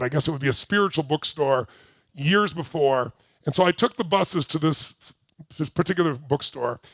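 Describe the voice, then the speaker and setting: An older man giving a workshop talk to a live audience, telling a personal story with lots of energy and shouting out repeated phrases. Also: a little high, creaky, no echo. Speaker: motivational speaker.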